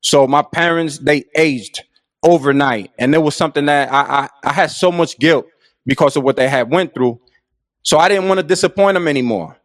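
A man's voice: on the high side, normal speed, dry recording, clean studio sound. A middle-aged man telling his own life story in an earnest, reflective and casual way. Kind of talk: personal storytelling.

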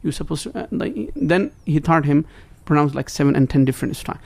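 A man's voice: fairly high pitch, expressive, fairly quick, creaky, darkish tone. A man as a guest scholar, earnestly explaining in broken English and reciting quoted Arabic phrases. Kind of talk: explaining in conversation.

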